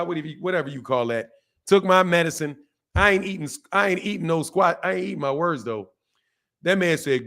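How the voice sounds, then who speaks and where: An older man from Omaha chats through a boxing livestream in a loose, slangy way, laughing as he answers his viewers. His voice sits a touch high for a man, and he talks casually and off the cuff. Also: fairly bright tone. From Omaha, United States.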